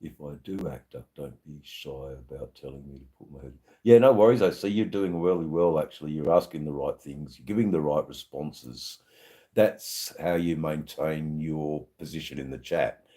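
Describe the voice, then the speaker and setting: An Australian man with an extremely deep, low voice chatting with his live-stream viewers. He rambles from topic to topic and fills the gaps with ums, uhs and restarts. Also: normal speed, dark tone. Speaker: livestream host.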